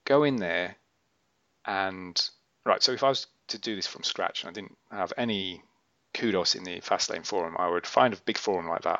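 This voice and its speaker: A podcast host with a low, sharp voice and vocal fry chats casually, rambling, correcting himself, and acting out quotes as he explains. The recording is dry, dull, and muffled.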